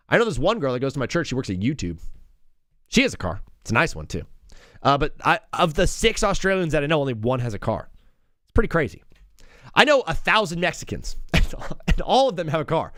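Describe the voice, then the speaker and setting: A man's voice: fairly high pitch, big pitch swings, brisk, sharp tone, no room sound, clean studio sound. A young man hosting a live sports stream, rambling and joking in a casual way with lots of "dude" and "bro".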